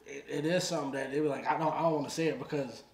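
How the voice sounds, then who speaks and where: A man co-hosting a relaxed reaction show, working through his thoughts aloud in an easygoing way. His voice sits a little high. The room has a noticeable echo. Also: rapid-fire, crowd noise. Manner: easygoing, thinks aloud with restarts. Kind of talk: casual reaction chat. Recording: roomy echo.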